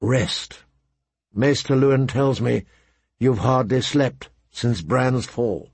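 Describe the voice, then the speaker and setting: A man reading a story aloud, voicing a young noble son who speaks low, soft and gentle. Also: takes it slowly, creaky, breathy edge, no echo, full character voice.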